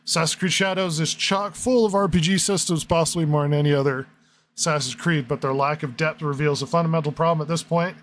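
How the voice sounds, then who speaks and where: A man's voice: a little high, fairly even intonation, fast talker, fairly bright tone. A man hosting a podcast in casual chat, sarcastic and reading out comments and reviews. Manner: sarcastic, reads listener comments and reviews aloud. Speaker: podcast host.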